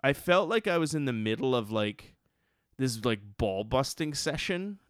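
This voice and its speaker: A man in casual conversation, telling a rambling, profanity-laced story full of restarts. His voice is smooth and clear, and the recording is dry and close with no room sound. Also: mid-range voice, sing-song, moderate pace, dry recording.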